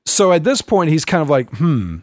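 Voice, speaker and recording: A man's voice: on the high side, animated, a little fast, no room sound, clean studio sound. A man telling a long personal story in a casual podcast chat, rambling with many fillers and restarts.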